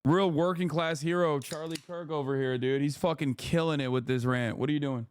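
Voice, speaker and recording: A man's voice: on the high side, steady tone, brisk, clear, resonant tone. Heated, profane male streamer. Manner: profane, heated, mocking, mimics opponents in a shouting voice. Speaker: streamer reacting to a clip. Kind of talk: casual political commentary stream.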